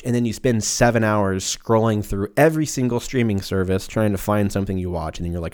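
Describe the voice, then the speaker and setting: Speaking a little quickly and barely pausing, a man in his twenties rambles through his solo podcast with a lowish, darkish, expressive voice. He curses freely and lapses into silly exaggerated voices, recording in a room at home with the windows open.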